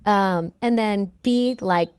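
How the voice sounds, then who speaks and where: A woman's voice: medium pitch, slow, clean tone, no echo. A woman in a casual discussion who talks in a rambling, uncertain way with many fillers.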